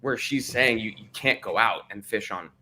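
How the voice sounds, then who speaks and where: An American man telling stories in a casual livestream chat, laughing often and talking with lively energy. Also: fairly low pitch, moderate pace. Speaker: cast member on a livestream.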